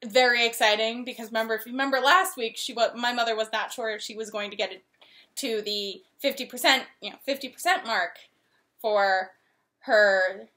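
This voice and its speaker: A young woman chatting casually as a video co-host in her apartment. Her voice sits high and bright. She talks in quick runs with restarts and acts out little quotes. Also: steady tone. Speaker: podcast co-host. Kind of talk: casual chat. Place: apartment living room. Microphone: camera.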